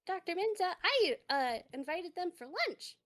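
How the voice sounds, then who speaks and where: A woman doing an eager, squeaky mouse toon. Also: sing-song, measured pace, a bit bright, full character voice.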